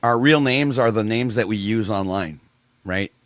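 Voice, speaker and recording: A man's voice: on the low side, moderate pace, no echo. A man from Canada chatting casually on an online panel call, laid-back and matter-of-fact. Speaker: panel guest. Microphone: video call.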